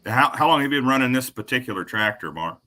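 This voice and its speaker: A man's voice: mid-range voice, expressive, fast, pushed and bright. A man from the Kentucky area hosting a casual livestream interview, easygoing and folksy. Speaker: livestream host.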